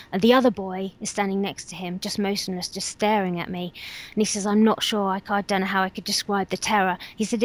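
A woman guest retells someone else's eerie experience in an earnest, slightly halting way. Her voice sits at a middle pitch. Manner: earnest, hesitant with fillers and restarts. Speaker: guest storyteller. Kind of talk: retelling a witness's account.

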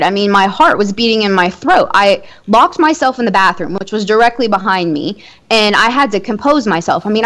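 An adult woman recounts an eerie personal experience in a relaxed interview. She talks in a loose, chatty way, full of fillers and small nervous laughs. Her pitch sits in a typical middle range for a woman. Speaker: guest telling a personal ghost story. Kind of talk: conversational storytelling in an interview.

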